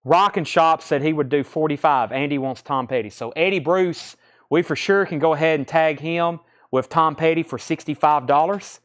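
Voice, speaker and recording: A man's voice: fairly high pitch, moderate pace, fairly bright tone. A man hosting a live record sale, rattling off titles and prices and calling out buyers' names. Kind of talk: live sales patter.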